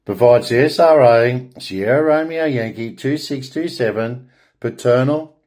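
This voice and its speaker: An Australian man delivering a rambling solo monologue, halting and restarting words, then declaring his points in grand, proclaiming tones. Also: mid-range voice, a little mellow. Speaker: online spiritual speaker.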